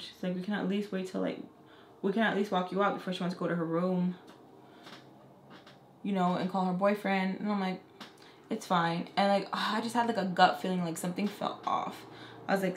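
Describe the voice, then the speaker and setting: Young woman vlogger, casual storyteller who swears and mimics her clients, mid-pitched, recorded in a roomy, echoey space. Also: level tone, fairly quick, a little hiss or hum. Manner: chatty, profane, acts out quoted people. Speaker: makeup artist and beauty vlogger. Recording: echoey room.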